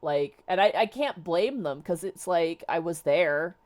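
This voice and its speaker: Low-voiced young woman telling a story. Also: lively intonation, a little slow, a little mellow. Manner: rambling, many "like"s and restarts. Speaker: streamer host. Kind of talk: casual chat, telling a personal story.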